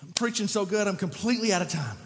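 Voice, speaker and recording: High-voiced preacher in a reverberant hall. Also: male voice, fast, a little hiss or hum. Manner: animated, shouting peaks then conversational. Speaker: pastor. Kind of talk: sermon.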